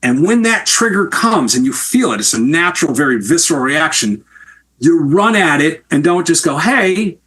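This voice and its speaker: A middle-aged man from Wisconsin, a TV producer answering interview questions with long, lively stories. His voice is bright and sits a little high. He talks candidly and swears freely. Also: moderate pace, husky. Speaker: TV producer and guest.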